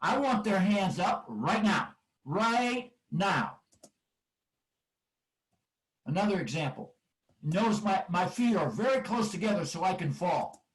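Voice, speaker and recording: A man's voice: high voice, expressive, unhurried, pauses often, distant mic, rough recording. An older man coaching football linemen in a clinic, driving points home with emphatic, repeated cue words. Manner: emphatic, repetitive cueing phrases. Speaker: football offensive line coach. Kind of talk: coaching clinic presentation over drill video.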